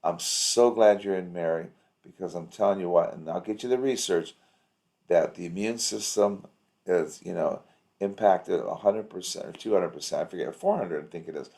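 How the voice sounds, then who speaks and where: A man with a very low voice talks through a video call. He coaches in a loose, rambling way, piling up anecdotes and upbeat encouragement. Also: moderate pace, vocal fry, dark tone. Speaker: practice coach. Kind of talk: casual coaching chat.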